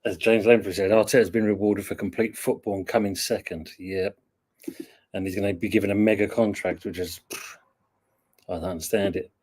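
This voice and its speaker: A man's voice: on the low side, fairly even intonation, fairly quick, darkish tone, slightly rough. A man hosting a casual football chat, easygoing and joking. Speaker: podcast host.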